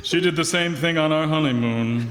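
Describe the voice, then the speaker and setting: A man's voice: fairly high pitch, normal speed, crowd noise, close to an everyday voice. A man playing a blustery, jolly banker-farmer. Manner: blustery and jolly, laughs a lot. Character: bumbling, boastful middle-aged male banker turned farmer. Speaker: lead character. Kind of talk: community radio play acting. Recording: roomy hall reverb.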